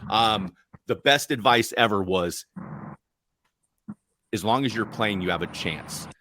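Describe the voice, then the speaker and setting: A man hosting a podcast interview, speaking earnestly and haltingly, often restarting his sentences. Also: on the low side, pushed and bright, a little hiss or hum. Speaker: podcast host.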